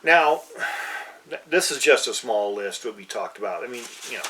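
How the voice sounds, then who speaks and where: A man's voice: medium pitch, animated, normal speed, sharp tone, far from the mic, slight background noise, rough recording. Easygoing man chatting on a podcast. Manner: easygoing, agreeable, chimes in. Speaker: player and co-host. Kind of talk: casual podcast chat.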